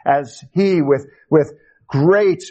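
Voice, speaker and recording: A male pastor preaching a sermon, slow and emphatic, lifting his voice on key words. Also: fairly high pitch, darkish tone, highs cut off.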